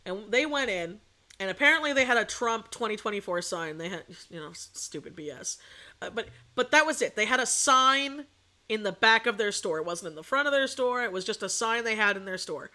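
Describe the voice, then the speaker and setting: A woman's voice: mid-range voice, a little fast. A young woman streaming as a VTuber, chatting casually and bluntly, with a sore throat. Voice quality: outspoken, animated storytelling. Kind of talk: casual chat.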